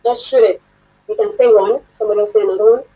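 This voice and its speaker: A woman's voice: mid-range voice, fairly even intonation, fast talker, warm tone, poor audio. A woman instructor giving a chatty online workshop lecture, often laughing and asking the class questions.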